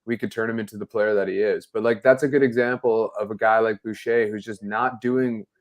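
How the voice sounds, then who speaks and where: A man's voice: lowish voice, steady tone, fairly quick. A man co-hosting a casual sports talk show, giving rambling, enthusiastic game analysis. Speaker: podcast co-host.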